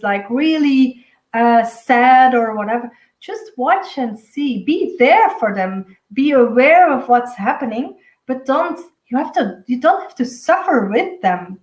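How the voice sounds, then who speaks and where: A woman's voice: on the high side, reverberant, poor audio. A woman, a native Dutch speaker, giving a rambling, chatty spiritual guidance talk as an intuitive reader, laughing often.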